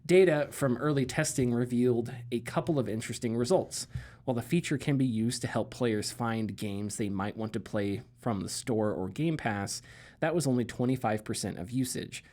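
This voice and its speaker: A man's voice: mid-range voice, moderate pace, darkish tone. A man co-hosting a gaming podcast, talking loosely with lots of fillers and sarcastic asides, laughing easily. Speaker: podcast co-host. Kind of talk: casual gaming news chat.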